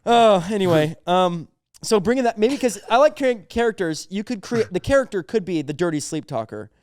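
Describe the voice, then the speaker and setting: A young man with a high, smooth voice riffs through comedy bits, laughing as he goes. The sound is close and dry. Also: animated, a little fast, darkish tone, dry recording. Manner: giggly, riffing through bits with quoted voices. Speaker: podcast co-host. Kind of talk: casual comedy chat.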